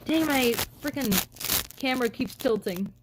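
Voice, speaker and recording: Music plays under this young woman's high-pitched voice, and the audio quality is poor. Talking at a normal speed, she greets viewers on her live stream and spins rambling anecdotes loaded with "like" and "um."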